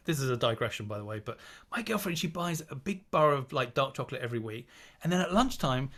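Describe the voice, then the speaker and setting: A man's voice: fairly high pitch, expressive, fast, fairly bright tone. A man speaking as a guest on a video call, chatty and digressive, acting out quoted inner voices. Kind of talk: casual talk on a video call.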